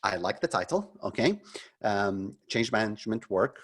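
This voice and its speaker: A man's voice: fairly low pitch, big pitch swings, normal speed, fairly bright tone, husky. A middle-aged man leading a live webinar as a marketing consultant, critiquing frankly and conversationally, with many ums and restarts.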